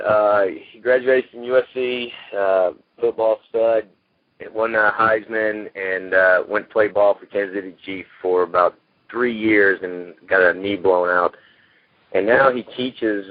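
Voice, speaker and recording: Over a tinny phone connection, a man from Texas with a lowish voice reminisces about his acting life as an interview guest. His casual talk is rambling and folksy, peppered with "you know," and there's no echo.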